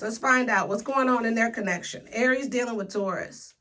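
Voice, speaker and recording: A woman's voice: on the high side, a little fast, fairly bright tone. A woman giving a casual, sassy tarot reading, talking straight to her viewers with playful slang. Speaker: tarot reader.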